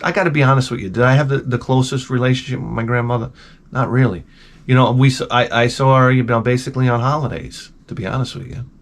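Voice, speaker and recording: A man's voice: medium pitch, fast talker. A man in his forties telling stories in a rambling, profane, wry vlog monologue. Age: 40s. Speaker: vlogger. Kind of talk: casual storytelling monologue.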